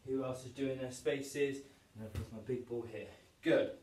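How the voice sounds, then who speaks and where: A man's voice: mid-range voice, steady tone, moderate pace, a little mellow, slight background noise. A man leads young children through a PE lesson from home, upbeat and encouraging as he counts down and shows each move. He stands a way off from the camera, so his voice is distant. The room gives it a roomy echo. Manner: upbeat, encouraging, demonstrating moves while talking. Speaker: PE teacher.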